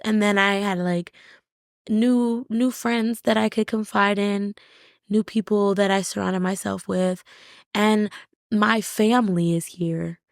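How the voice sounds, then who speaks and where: A woman speaks openly as a podcast guest, reflective and unguarded, her phrases coming in short bursts with restarts. Her voice has a gravelly, fried texture at mid pitch. The sound is dry and close. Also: no room sound. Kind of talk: candid conversational interview.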